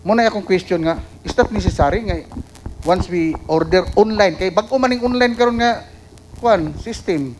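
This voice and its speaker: Filipino male councilor, questioning and halting, voice on the high side. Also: noisy background. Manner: halting, questioning, with many fillers. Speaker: city councilor.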